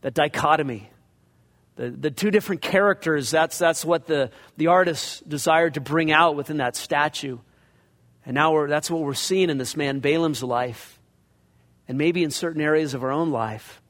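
A pastor delivers an expository sermon, working through the text verse by verse in a conversational style and voicing scripture passages in character along the way. His voice is a little high and fairly bright, at a moderate pace, with the long reverb of a large hall.

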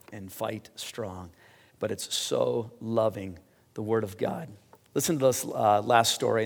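A man preaching a sermon, swinging between excited high rises and quiet low drops, his voice getting hoarse. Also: in a large hall. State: losing his voice. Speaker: pastor.

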